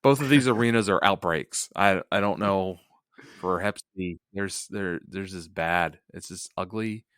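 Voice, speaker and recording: Man, podcast co-host, casual joking chat, low-ish voice, laughs a lot, dry sound. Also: unhurried, no room sound. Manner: laughs often, animated and joking.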